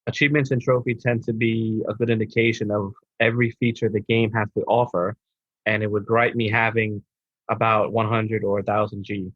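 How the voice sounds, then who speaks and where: A man co-hosting a gaming podcast, relaxed and laid-back, talking with a sore throat. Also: lowish voice, fairly quick, breathy edge, no room sound, muffled recording. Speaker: podcast co-host. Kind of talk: casual chat.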